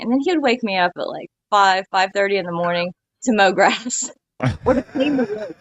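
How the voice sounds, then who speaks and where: A woman's voice: mid-range voice, moderate pace, dry recording. A woman in her forties telling self-mocking stories in a casual chat among co-hosts. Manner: lively, self-mocking storyteller. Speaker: stream co-host. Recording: dull lo-fi mic.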